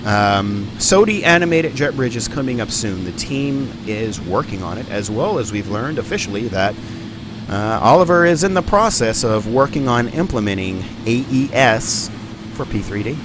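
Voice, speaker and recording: A man's voice: medium pitch, lively intonation, normal speed, noisy background. Man rambling through live sim commentary. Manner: rambling, filler-heavy, thinking aloud. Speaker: flight sim streamer.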